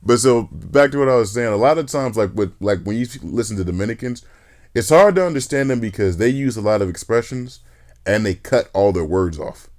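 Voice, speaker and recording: A man hosting a podcast in casual chat, telling stories in an animated, joking, profane way. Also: fairly low pitch, fairly quick. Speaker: podcast host.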